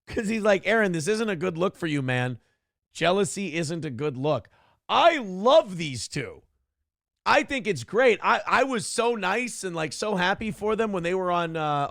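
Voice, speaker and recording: A man with a fairly high voice and a dry, close sound reads chat messages out on his live stream. He answers them in a sarcastic, ranting and defensive way. His talk stays casual. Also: fairly bright tone, dry recording.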